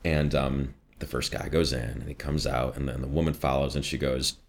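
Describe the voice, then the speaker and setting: Deep-voiced Midwestern man in his 30s, voice coach type, lively anecdotal chat. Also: normal speed, few pauses. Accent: slight Midwestern. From US Midwest, Chicago northwest suburbs. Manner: animated storyteller, jumps high for quoted voices, laughs often. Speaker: voice actor and coach. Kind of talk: casual interview chat.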